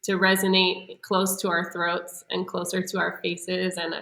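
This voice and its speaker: A woman leads voice exercises in a relaxed podcast conversation. Her voice is bright and forward, and she explains patiently, often breaking into laughter. The sound carries a noticeable room echo. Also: on the low side, measured pace. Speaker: voice coach.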